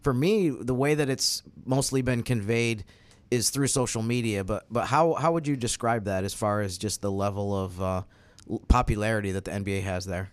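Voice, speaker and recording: A man's voice: on the low side, normal speed, no echo. A man co-hosting a sports podcast, speaking earnestly and thoughtfully with frequent restarts. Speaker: podcast co-host. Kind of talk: casual podcast chat.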